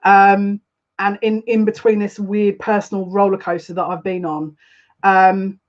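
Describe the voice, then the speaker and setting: A woman's voice: mid-range voice, flat delivery, a little slow, lo-fi sound. A woman giving a live collective card reading as a psychic, talking in a chatty, rambling and openly emotional way.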